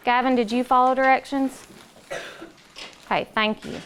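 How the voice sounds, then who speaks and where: High-voiced woman teaching a class. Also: fairly even intonation, a bit bright, slight background noise. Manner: clear, patient, directive, drawn-out sounds. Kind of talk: classroom phonics lesson.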